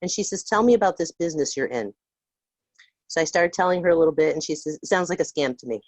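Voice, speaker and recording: Calling in to a casual group call, a grandmother speaks earnestly and from the heart. This older woman's low voice is a little mellow, with lively intonation and fast delivery, and the dull lo-fi call audio carries no echo.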